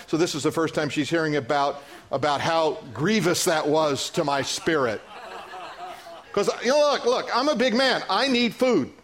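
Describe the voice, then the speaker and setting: A high-pitched male pastor preaching in a church, his delivery animated and playful. He acts out little dialogues and drops into quieter, earnest stretches. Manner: animated preaching, acting out voices, joking with the congregation. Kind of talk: sermon.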